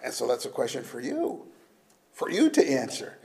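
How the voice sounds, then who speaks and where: A man preaching a sermon, emphatic, shifting between loud declarations and hushed, almost whispered lines. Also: medium pitch, huge pitch swings, moderate pace, vocal fry. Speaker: pastor.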